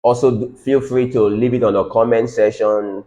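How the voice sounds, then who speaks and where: A man's voice: medium pitch, fairly even intonation, normal speed, mellow. A man leading a live-streamed business training, repeating his key points emphatically. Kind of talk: live-streamed teaching session.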